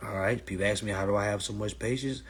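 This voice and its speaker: A man ranting casually and profanely on a phone livestream, animated and loud. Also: fairly low pitch, fast talker, breathy edge. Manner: animated, profane, mimics others' voices. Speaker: livestream host.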